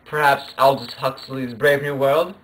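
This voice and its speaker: A young man playing a pompous literary analyst with a fake accent, speaking in lofty, measured phrases. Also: mid-range voice, fairly even intonation, a bit bright, slight background noise, close to an everyday voice, rough recording. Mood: haughty. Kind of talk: mock talk-show acting.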